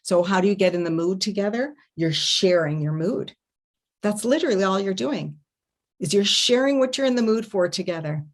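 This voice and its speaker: A woman with a fairly low voice gives an online talk as an intimacy coach. She speaks expressively and hums and voices little sounds to make her points. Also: darkish tone. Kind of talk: festival talk. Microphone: online video talk.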